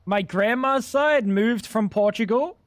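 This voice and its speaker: A man's voice: high-pitched, unhurried, no room sound. A man, chatting crudely and rambling as he jokes with his livestream chat. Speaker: streamer. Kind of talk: casual gaming livestream chat.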